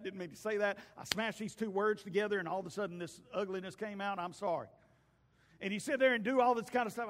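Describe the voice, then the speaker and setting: A man, a pastor giving a folksy, storytelling sermon that swings between loud calls and hushed asides. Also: sits high. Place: church sanctuary. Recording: long hall reverb.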